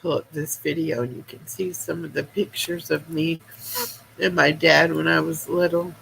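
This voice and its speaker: A woman hosting a livestream, crying and talking to her viewers in halting, broken phrases. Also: sits low, steady tone, vocal fry, fairly bright tone, a little hiss or hum, low-quality recording. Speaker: livestream host. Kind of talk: emotional casual chat to viewers.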